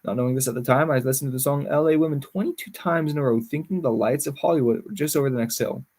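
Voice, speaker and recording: Male reader, husky, mid-pitch; reads a memoir aloud and corrects his slips. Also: quick pace, a little mellow. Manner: stumbles and corrects words as he reads. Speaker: livestreamer reading a book.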